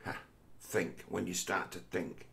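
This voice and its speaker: Low gravelly male vlogger, a rambling and profane talker who philosophizes on camera. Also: level tone, measured pace, fairly bright tone. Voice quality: heavy swearing, restless restarts.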